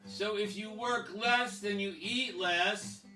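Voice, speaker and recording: An insistent little girl of five, high and piping, who keeps yelling for attention and firing off questions, as a male storyteller puts her on. The voice sounds roomy and a little distant, with guitar music behind. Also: slow. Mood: curious. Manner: high, insistent, shouted calls. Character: pestering, persistent five-year-old neighbor girl.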